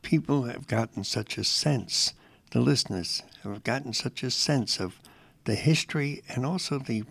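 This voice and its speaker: A man hosting a faith radio show, chatting casually with a halting, warm manner. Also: mid-range voice, gravelly, breathy edge, no room sound. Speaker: radio host.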